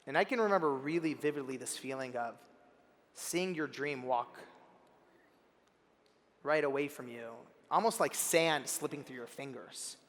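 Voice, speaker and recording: A young man in his twenties giving a keynote speech as a story, acting out the people in it and sometimes bursting into shouts. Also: medium pitch, unhurried, pauses often. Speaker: keynote speaker. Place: large convention center hall. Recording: long hall reverb from a PA.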